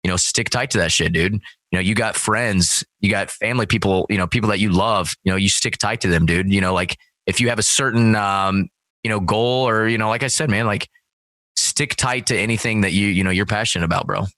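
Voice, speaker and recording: Guy swearing his way through a wild story, bright voice, super dry close mic. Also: on the low side, fairly quick, no room sound. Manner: profane, storytelling, acts out quoted voices loudly. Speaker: guest. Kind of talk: casual chat.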